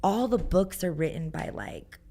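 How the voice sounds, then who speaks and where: Woman, lowish voice, casual chat, animated storytelling. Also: a little slow, creaky. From Texas. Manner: animated storyteller, lots of "like", acts out quotes. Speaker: guest musician.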